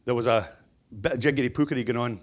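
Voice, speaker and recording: A man's voice: medium pitch, fast talker. Chatty middle-aged man telling stories. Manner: humorous storyteller, chatty with restarts. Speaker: keynote speaker, stonemason business owner. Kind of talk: anecdotal keynote speech.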